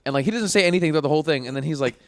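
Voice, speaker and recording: A young man rattles off a story at high speed with loose, profane enthusiasm. His voice comes across smooth and clean. The sound is close and dry, with no room around it. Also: animated, racing, no echo. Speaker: podcast co-host. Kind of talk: casual chat.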